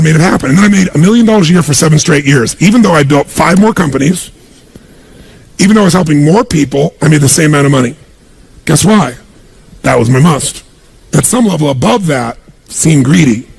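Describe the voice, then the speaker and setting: At a live motivational seminar, a man speaks in a gravelly, raspy voice pitched a little high for a man. His delivery is emphatic and punchy, and he keeps quizzing the crowd with quick call-and-response questions.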